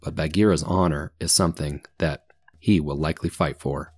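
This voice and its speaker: A man voicing a calm, protective male panther who speaks in a gentle voice. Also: sits low, measured pace, no echo, faint music behind.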